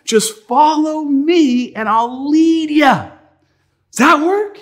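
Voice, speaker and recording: A man's voice: very high-pitched, animated, slow, voice pushed up, full character voice. A man telling a story who voices a kindly elderly gas station clerk, giving folksy, rambling directions in a raised voice. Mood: friendly. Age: older.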